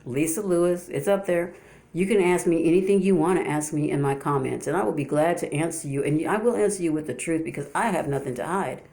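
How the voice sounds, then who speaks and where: A woman YouTuber with a deep, creaky, mellow voice talks fairly quickly in a casual, unscripted monologue. She repeats herself and stammers through rhetorical questions aimed at her viewers.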